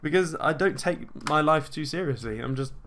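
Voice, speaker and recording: A man talking casually and at length in an energetic, self-assured way, full of fillers and restarts. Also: on the high side, moderate pace, slight background noise. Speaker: host answering viewer questions. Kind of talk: casual monologue.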